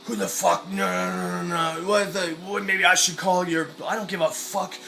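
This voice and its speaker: A man voicing an aggressive, hostile neighbor who shouts and swears at him. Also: high-pitched, level tone, normal speed, creaky, faint music behind, exaggerated voice. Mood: angry, hostile.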